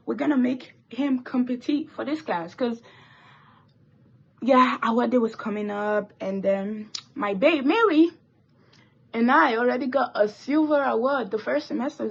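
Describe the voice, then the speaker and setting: Teenage girl, rambling story time, fairly high voice, husky. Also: normal speed, highs cut off. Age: teens. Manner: rambling, animated storytelling with swearing and asides. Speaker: vlogger. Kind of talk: chatty get-ready-with-me story time. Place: indoors doing makeup.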